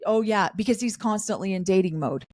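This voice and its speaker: A middle-aged woman co-hosting a podcast, chatting casually about a show and acting out the cast's lines in quick asides. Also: medium pitch, darkish tone, dry recording, studio quality. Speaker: podcast co-host. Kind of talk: casual recap chat.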